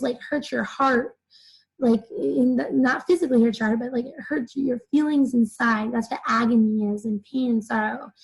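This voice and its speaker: A woman's voice: high voice, gravelly, a little mellow, husky, low-quality recording. A young woman teacher explaining a children's novel chapter to her students in simple terms, full of "like" fillers. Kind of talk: recorded reading lesson for children.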